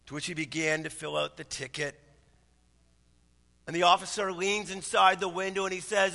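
Man in his 30s, pastor, sermon, conversational storytelling, high bright voice, long hall reverb. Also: flat delivery, normal speed, gravelly, pauses often.

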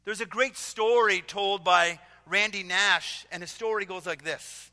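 A man preaching a sermon who tells stories with acted voices and dramatic pauses, with long reverb around him. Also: high voice, sharp tone. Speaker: pastor.

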